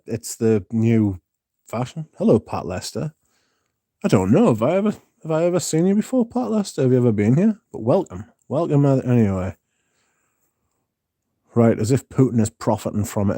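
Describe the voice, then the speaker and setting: A man's voice: medium pitch, animated, moderate pace, mellow, no echo, clean studio sound. A man hosting a livestream, chatting casually with viewers in a blunt, sweary, rambling way. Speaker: livestream host reading viewer chat.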